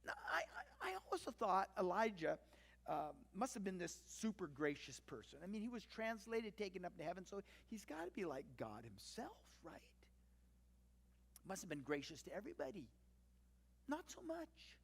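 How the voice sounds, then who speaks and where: A pastor delivers a sermon in a relaxed, conversational style, adding wry asides and lively, acted-out quotes. His husky voice sits at a middle pitch and moves at a moderate pace, while a long reverb trails each phrase as if in a large church sanctuary.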